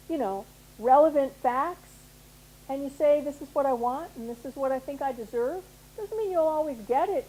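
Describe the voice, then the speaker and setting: A woman's voice: high voice, dark tone, a little hiss or hum, rough recording. A middle-aged woman giving a motivational talk to an audience, persuasive and often checking in with "right?". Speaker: guest speaker at a women's leadership program.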